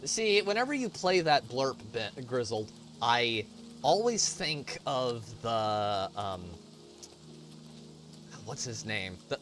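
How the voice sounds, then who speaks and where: A man's voice: medium pitch, a bit bright, a little hiss or hum. Rambling man narrating his gameplay. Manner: rambling, profane, self-interrupting. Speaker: gaming channel host. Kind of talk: casual let's-play commentary.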